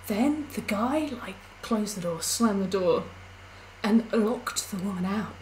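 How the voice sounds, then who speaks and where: A woman's voice: medium pitch, normal speed, slight background noise, rough recording. A young woman chatting casually on a live stream while she plays, rambling through stories with lots of fillers.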